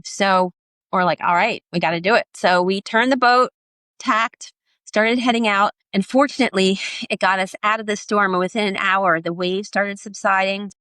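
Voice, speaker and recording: A middle-aged woman, a podcast guest, telling her story in a lively way and acting out the voices of the people in it. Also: medium pitch, moderate pace, no echo. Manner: animated, acts out quoted voices. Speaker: podcast guest, sailor and author. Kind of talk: storytelling in an interview.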